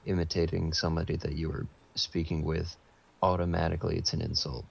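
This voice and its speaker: A man's voice: deep voice, completely flat delivery, a little fast, creaky, slightly rough, muffled recording. A man co-hosting a podcast in casual chat, joking and playing along with bits. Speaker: podcast co-host.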